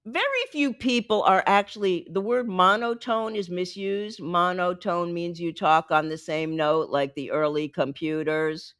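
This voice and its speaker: Woman communication coach, podcast guest; emphatic, animated delivery, dry studio sound. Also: fairly low pitch, measured pace, few pauses, clean tone, no room sound. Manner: lively, emphatic, teaching by example. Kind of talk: podcast interview.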